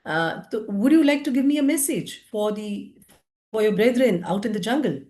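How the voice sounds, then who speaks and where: A woman voicing a male hunter in a story, speaking earnestly with a slightly raised pitch. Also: lively intonation, normal speed, darkish tone, close to an everyday voice. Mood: pleading. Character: male hunter, pleading and puzzled. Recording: roomy echo.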